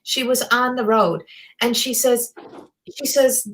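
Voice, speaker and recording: Middle-aged woman, medium doing a live reading; higher voice, rambling and excitable, salty language. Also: slow. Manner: rambling, excitable, swears freely. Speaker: psychic medium.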